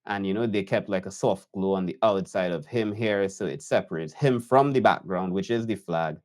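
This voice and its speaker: A man reacting to a video as an editor, unhurried and admiring as he talks through the choices. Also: sits low, darkish tone. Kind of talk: reaction commentary.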